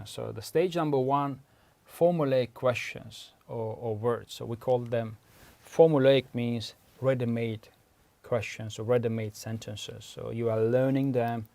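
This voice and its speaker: A man's voice: medium pitch, vocal fry, a little mellow, no room sound. A man with an Uzbek accent, Uzbek his first language, giving a patient, methodical lecture as a language researcher. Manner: patient, methodical, stops often to clarify terms. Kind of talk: explanatory lecture.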